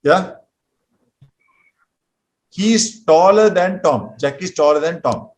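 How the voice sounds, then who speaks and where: A man teaching an English grammar lesson to a class, patiently drilling words slowly and repeating them. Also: a little high, animated, a little mellow, low-quality recording.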